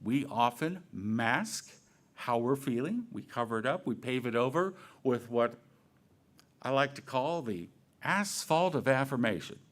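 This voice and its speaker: Man, minister, sermon, conversational, playful, very animated pitch. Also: a little slow. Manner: conversational, playful, asks questions. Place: church sanctuary.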